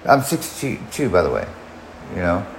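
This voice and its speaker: Casting: a slightly low-voiced man rambling through a personal story, full of restarts and swearing, in an echoey room. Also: wildly swooping pitch, moderate pace, gravelly, a little hiss or hum. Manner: rambling, frequent restarts and profanity.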